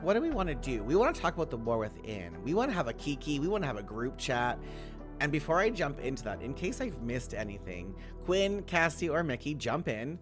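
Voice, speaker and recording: A bubbly, campy host running a casual round table chat, laughing often. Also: mid-range voice.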